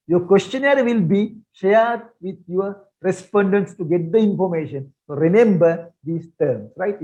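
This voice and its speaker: This is a man with a fairly high voice, teaching research methods in an online lecture. He talks casually, repeats himself for emphasis and asks the class questions. The sound is dull and lo-fi, like audio from a video call. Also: dark tone. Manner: repetitive, rhetorical questions, conversational teaching. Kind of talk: online lecture with shared slides.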